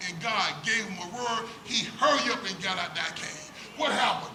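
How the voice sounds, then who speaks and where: Inside a church sanctuary, a pastor preaches a dramatic sermon packed with rhetorical questions and heavy repetition. His voice sits high at a normal speed, and the room is echoey with background noise.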